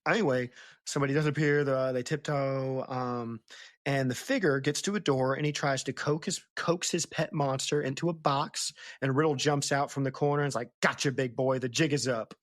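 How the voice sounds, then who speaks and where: A woman's voice: very deep voice, steady tone, moderate pace, no room sound, clean studio sound. A woman hosting a casual book-club podcast, recapping chapters in a chatty, laughing way. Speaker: podcast host.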